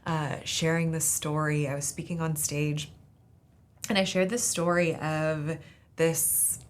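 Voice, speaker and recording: A woman's voice: low voice, steady tone, takes it slowly. A woman from Southern California, a podcast host, telling an earnest faith testimony in a casual, searching way. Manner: casual, earnest, many "like" fillers.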